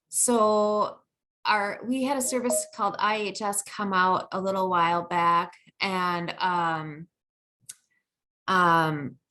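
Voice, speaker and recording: A woman's voice: on the low side, sharp tone. A middle-aged woman giving a training presentation, conversational with many fillers and restarts.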